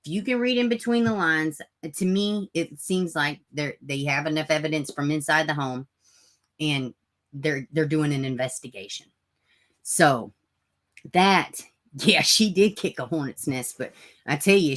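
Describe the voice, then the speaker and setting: On her true crime livestream, the host's low-pitched, slightly bright voice moves at a moderate pace. She rants bluntly, swears and ridicules people with sarcastic put-on voices.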